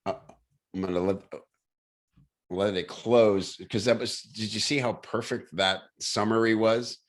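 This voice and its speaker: A man hosting a relaxed online chat, his voice sitting very low. He talks with eager enthusiasm, looping through fillers and quick restarts as he explains things. It sounds like a video call. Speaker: host.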